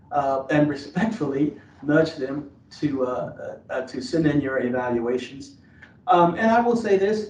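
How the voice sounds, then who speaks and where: A man with a fairly high voice gives earnest, advisory guidance, stumbling through fillers and restarts as he goes. He sounds set back from the mic in an echoey room. The audio is dull and lo-fi. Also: darkish tone. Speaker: admissions officer. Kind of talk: webinar presentation. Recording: roomy, distant, dull lo-fi webinar audio.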